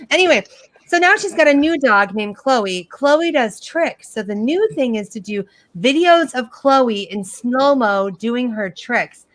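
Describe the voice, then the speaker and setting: A middle-aged woman doing a sarcastic stand-up comedy set over a video call, with animated storytelling and mocking impressions. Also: fairly high pitch, a little slow, no echo.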